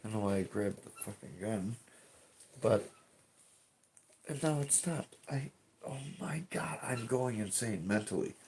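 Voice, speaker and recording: A man's voice: fairly low pitch, animated, measured pace, pauses often, darkish tone, a little hiss or hum. A man streaming from home, chatting casually and rambling, swearing often and restarting his sentences. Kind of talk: casual live-stream chat.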